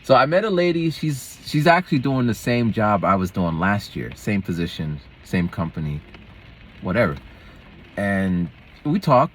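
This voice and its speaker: With a lively, fairly low voice at normal speed, a male schoolteacher vlogs casually to camera over slight background noise. His storytelling wanders and digresses, skipping from topic to topic.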